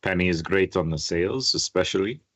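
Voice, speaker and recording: A man voicing an earnest male sailor who leads a small crew, speaking in a formal, measured way. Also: low-pitched, fairly bright tone, dry recording, dull audio.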